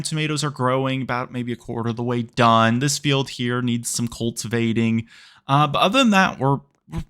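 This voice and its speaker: A man's voice: mid-range voice, a bit bright. Chatty young man commentating gameplay. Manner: chatty, playfully exasperated, talks to the game animals. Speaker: gaming YouTuber.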